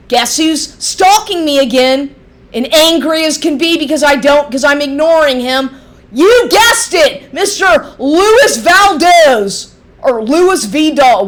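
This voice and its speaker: A middle-aged woman ranting angrily into the camera, profane, heated and sarcastic, mocking the man she addresses. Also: sits high. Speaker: vlogger. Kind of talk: angry ranting monologue.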